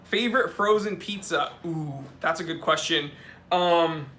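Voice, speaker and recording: Guy doing a live q&a stream, kinda high voice, jokey, lots of quick asides. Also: pushed and bright. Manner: joking, quick asides and self-corrections. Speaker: watch channel host. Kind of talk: live stream Q&A, reading viewer questions.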